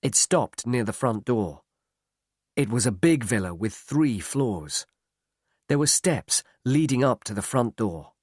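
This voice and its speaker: A man narrating a story aloud in a slow, clear, expressive reading. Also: medium pitch, dry recording, studio quality.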